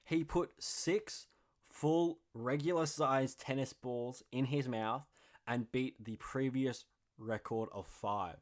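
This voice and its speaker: A young man hosting a podcast, chatting casually in an excitable, slangy and jokey way. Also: medium pitch, takes it slowly. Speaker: podcast host.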